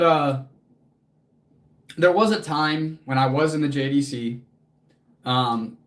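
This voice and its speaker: A man hosting a casual livestream as a fitness coach, answering chat in an earnest, motivational way, casually swearing and close to tears. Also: fairly high pitch.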